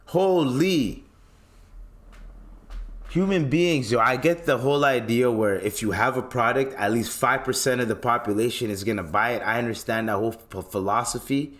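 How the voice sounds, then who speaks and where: A young Toronto man with a Toronto accent hosts a podcast, ranting in a solo monologue that's exasperated, profane and mocking. His voice is mid-range with a fairly bright tone.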